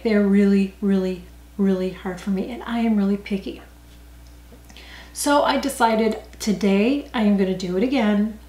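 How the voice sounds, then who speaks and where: A woman's voice: medium pitch, darkish tone. Older woman vlogger, chatty and self-correcting, recorded in an echoey home room. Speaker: beauty vlogger. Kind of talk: unscripted makeup review. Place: indoor home room, rain outside. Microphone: camera mic. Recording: echoey room on camera mic.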